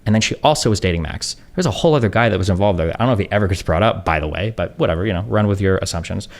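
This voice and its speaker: A man's voice: sits low, expressive, rapid-fire. A man in his thirties in a casual venting monologue, sarcastic and exasperated, slipping into mocking voices of others. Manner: sarcastic, exasperated, mimics others mid-story. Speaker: streamer.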